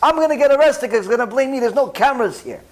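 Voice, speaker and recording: A man voicing a big, hot-tempered ex-con who mutters to himself in a low, quiet voice. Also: expressive, quick pace. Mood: grumbling.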